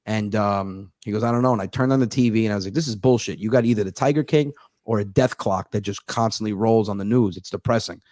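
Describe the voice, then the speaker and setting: A man's voice: lowish voice, fast talker, darkish tone, dry recording, clean studio sound. Profane sarcastic male storyteller. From United States. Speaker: comedian guest. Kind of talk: casual storytelling chat.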